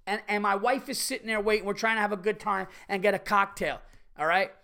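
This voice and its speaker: Middle-aged guy on his podcast, bright clear voice, ranting and swearing his way through a story. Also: high-pitched, fast talker. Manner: profane, animated ranting with bursts of exasperation. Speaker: podcast host. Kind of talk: casual comedic storytelling rant.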